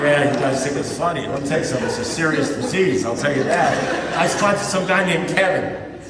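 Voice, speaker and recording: A man with a fairly high voice speaks briskly at a recovery meeting, sharing a story with the crowd in a large hall and repeatedly asking "you know what I mean?" The echoey recording comes from a distant mic, with heavy background noise.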